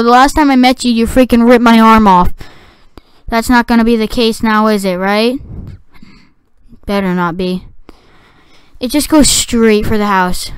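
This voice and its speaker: A woman giving excitable gameplay commentary, talking to the game and shouting at it. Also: on the high side, clean tone, no echo. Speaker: gaming video creator.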